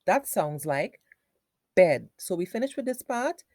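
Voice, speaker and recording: A woman teacher giving a phonics lesson for young children, sounding out words slowly in parts. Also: on the low side, big pitch swings, darkish tone, dry recording, clean studio sound.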